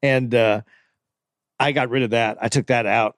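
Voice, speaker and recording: A man's voice: mid-range voice, steady tone, normal speed, no echo, studio quality. A man in a casual chat, laid-back and a bit hesitant, swearing now and then.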